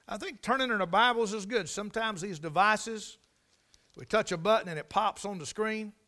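A man preaching a sermon in a conversational way, repeating and restarting phrases and swelling loudly on key lines. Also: high voice, normal speed.

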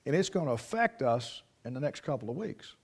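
A man's voice: mid-range voice, sing-song, fairly quick, a little mellow, slightly rough. A man preaching a folksy sermon, telling homespun stories and sayings and often restarting his sentences. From United States. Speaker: pastor.

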